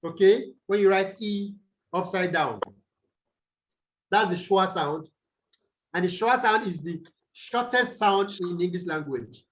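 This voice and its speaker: A man's voice: sits high, measured pace, pauses often, a bit bright, a little hiss or hum, rough recording. A Nigerian man teaching English over a video call, repeating points and quizzing his students with "what?" prompts. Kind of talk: online tutorial lecture.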